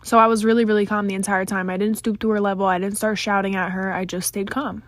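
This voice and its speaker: A woman narrates a casual storytime in a chatty way, dropping "like" fillers and casual swears. Her voice sits at a middle pitch. The sound is dry and close, as if into a phone. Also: level tone, fast, dry recording.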